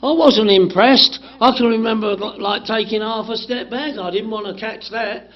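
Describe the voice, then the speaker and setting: A man telling his recovery story to a meeting in an animated way, acting out the dialogue, swearing and laughing. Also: sits high, normal speed, heavy background noise. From England. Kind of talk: personal recovery story told to a group. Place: community meeting room. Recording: dull lo-fi room recording.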